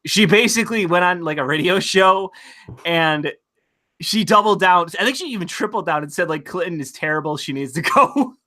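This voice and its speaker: A man with a bright, forceful and slightly high voice hosts a casual online chat. He rants with plenty of swearing and stumbles over repeated words as he builds his points. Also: expressive, normal speed. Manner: profane, ranting, repeats words. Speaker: host.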